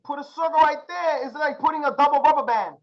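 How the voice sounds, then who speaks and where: A man's voice: extremely high pitch, fast talker, highs cut off. A young man teaching a live chart-reading class, slangy and hyped, drilling his students with repeated questions. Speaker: trading instructor.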